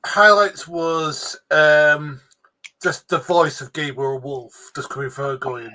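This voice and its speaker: A man co-hosting a casual review podcast, excitedly retelling scenes in a rush of words. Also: fairly high pitch, slow, low-quality recording. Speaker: podcast co-host.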